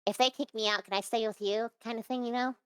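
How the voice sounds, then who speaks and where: A young adult woman talks casually as an interview guest, rambling through her thoughts with many fillers and false starts. Her voice is smooth and clear, recorded close and dry with no room sound. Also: fairly high pitch, fairly even intonation, quick pace, fairly bright tone, no room sound.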